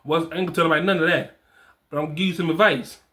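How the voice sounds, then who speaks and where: A man's voice: fairly high pitch, steady tone, rapid-fire, bright, forceful tone. A man in his forties giving blunt fatherhood advice in casual slang, repeating his points for emphasis. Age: 40s. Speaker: fatherhood coach. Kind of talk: advice talk to camera.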